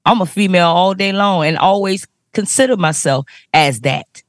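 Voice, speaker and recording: A woman's voice: lowish voice, normal speed, no room sound, studio quality. A woman from Florida on a podcast panel, speaking bluntly and emphatically with heavy profanity. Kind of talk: heated podcast discussion.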